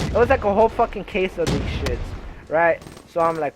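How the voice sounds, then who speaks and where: A man's voice: a little high, animated, brisk, a bit bright, slight background noise. A young man telling a rambling, profane personal story in a casual way over gameplay, full of fillers. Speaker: gaming video creator.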